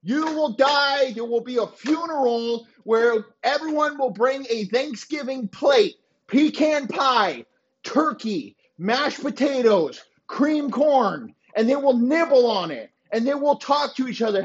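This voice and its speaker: A man rants crudely on a podcast, boastful and insulting. His voice sits high for a man, and the recording is dull and lo-fi. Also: animated, measured pace. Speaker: podcast host. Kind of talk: profane comedic rant. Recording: dull lo-fi sound.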